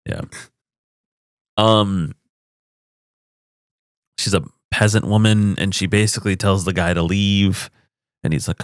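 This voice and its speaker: A man's voice: deep voice, steady tone, takes it slowly, long pauses, clear, resonant tone, no echo, studio quality. A man co-hosting a podcast, reviewing a movie in a laid-back, joking way and swearing casually. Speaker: podcast co-host.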